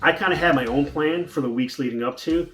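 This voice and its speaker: A man's voice: a little high, a little fast, a bit bright. Rambling man telling a story. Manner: rambling, with restarts and fillers. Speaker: vlogger. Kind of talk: casual storytelling commentary.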